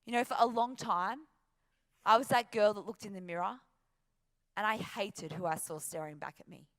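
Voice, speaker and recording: A woman's voice: mid-range voice, normal speed. An Australian woman giving an emphatic, upbeat motivational talk from a stage before an audience. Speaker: motivational speaker.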